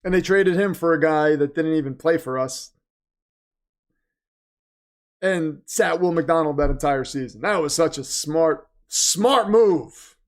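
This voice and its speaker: A livestream host with a voice on the high side talks at a moderate pace with hardly any pauses. During his live game watch-party he chats casually, cracks jokes, reads donations aloud and mocks the team's managers.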